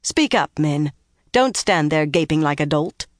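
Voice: medium pitch, animated, a little slow, no room sound, clean studio sound, natural voice. An audiobook narrator voicing an elegant woman with a fiery temper. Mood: impatient.

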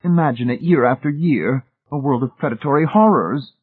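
A man voicing a gentle, distressed older woman who speaks in a plaintive, drawn-out way. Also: mid-range voice, husky, voice pushed up, natural voice. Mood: pitying. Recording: tinny phone-like sound.

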